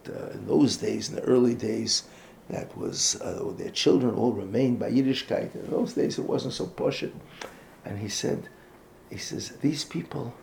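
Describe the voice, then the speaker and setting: A man speaks at a middle pitch with a gravelly, creaky edge, giving an earnest talk full of false starts and repeated words. He mixes Yiddish and Hebrew terms into his English and sinks to a hushed, near-whispered tone for his most serious points. Faint noise sits under the recording. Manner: earnest, halting, many restarts, drops to a near whisper for emphasis. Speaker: speaker on Jewish education. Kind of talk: informal talk or lecture.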